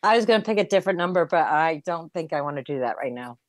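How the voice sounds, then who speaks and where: A woman's voice: sits low, lively intonation, fast talker, no room sound, clean studio sound. A woman co-hosting a casual radio show, chatting in a laid-back, wry way.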